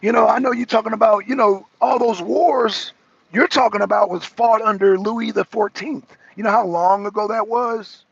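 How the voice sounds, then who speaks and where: A man's voice: high-pitched, steady tone, moderate pace, gravelly, slightly rough, lo-fi sound. An American man, a talk show host, ranting profanely in a heated political monologue, raising his voice and repeating himself. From United States. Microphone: streaming microphone.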